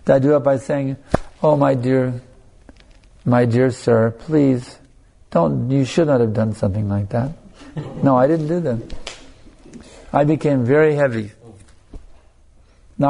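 With a mellow, mid-range voice, a male spiritual teacher gives an anecdotal sermon built around a story. He talks conversationally, often restarting and making asides to his listeners.

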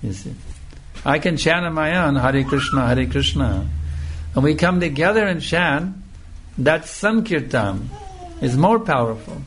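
Male lecturer, slightly high voice, emphatic repetitive scripture talk, faint hiss behind. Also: animated, a bit bright. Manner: slow, emphatic, repeating phrases for emphasis. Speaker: spiritual teacher.

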